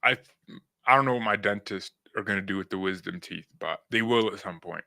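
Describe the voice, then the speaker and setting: Young male fan-channel host, rambly casual chat, tense bright tone, speech a bit off from dental work. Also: fairly low pitch, fairly quick, creaky. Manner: rambling, repeats words and restarts, laughs at himself.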